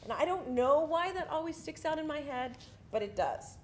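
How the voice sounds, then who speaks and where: Woman veteran, lively, swooping delivery, salty casual monologue, faint hiss behind. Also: high-pitched, normal speed. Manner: casual, profane storytelling with lively swings. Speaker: army veteran recounting basic training. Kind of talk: spoken monologue performance. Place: theatre stage.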